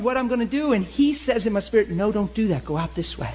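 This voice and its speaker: A man in his forties, a preacher telling hunting stories in a lively, laughing sermon style. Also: high voice, fast talker, hardly any pauses. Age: 40s. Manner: animated, laughing storyteller. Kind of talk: sermon storytelling.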